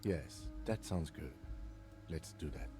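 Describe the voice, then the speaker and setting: A man voicing a calm, stern police lieutenant who speaks in a dry, measured, curt way. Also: a bass voice, over music, voice pushed down, heavily acted.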